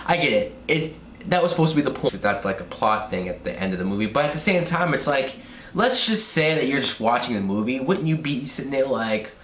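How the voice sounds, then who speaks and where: A man rants about a film in a loose, profane way, his voice jumping up when he gets annoyed. He sounds like he is recording in a bare, echoing room, with a faint hiss behind him. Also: lowish voice. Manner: profane, exasperated, animated outbursts. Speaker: movie reviewer. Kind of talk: ranting film review. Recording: roomy echo, faint background noise.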